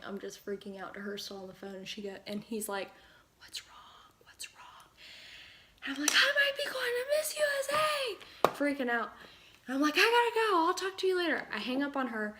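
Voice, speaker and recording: A young woman vlogger telling a personal story while doing her makeup at home, chatty and excitable, acting out the people she quotes. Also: medium pitch, gravelly, slight background noise. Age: young adult. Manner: excited, rapid retelling with quoted dialogue. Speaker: pageant contestant vlogger.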